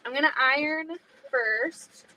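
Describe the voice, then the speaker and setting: A woman's voice: high-pitched, takes it slowly, bright, forceful tone. A woman hosting a casual sewing livestream, chatting to viewers and thinking aloud as she cuts fabric. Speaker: livestream host.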